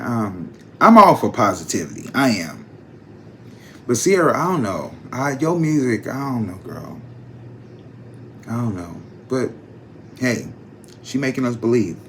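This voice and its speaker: Guy chatting celeb gossip to his viewers, loose slangy talk, voice jumps up when he gets into it, average pitch. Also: a bit bright, slight background noise. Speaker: psychic channel host. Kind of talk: casual celebrity gossip vlog.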